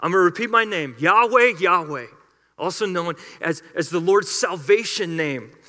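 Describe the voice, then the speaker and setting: Bright-voiced pastor preaching in a hall. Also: male voice, high voice, lively intonation, normal speed. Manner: storytelling, emphatic, conversational. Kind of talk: sermon. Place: church sanctuary. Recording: reverberant church hall.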